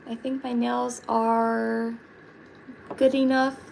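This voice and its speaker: A woman's voice: a little high, level tone, slow, gravelly, a little mellow, slight background noise, poor audio. A woman chatting casually on a live stream while painting her nails, giggly and full of fillers. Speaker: livestreaming vlogger.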